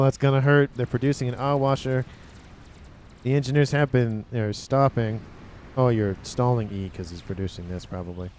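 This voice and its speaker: Male game caster, mid-range voice, casual and excitable play-by-play over faint background hiss. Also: mid-range voice. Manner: excitable, quick reactions, often exclaims "oh". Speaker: game commentator. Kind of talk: casual replay commentary.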